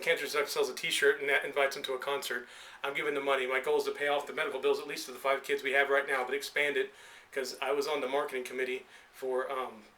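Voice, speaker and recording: A man rattles off a wrestling promo at speed, his voice bright and pressing. He rambles, restarts, and swings between intensity and emotion, as a self-made pitch to promoters. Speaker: independent pro wrestler.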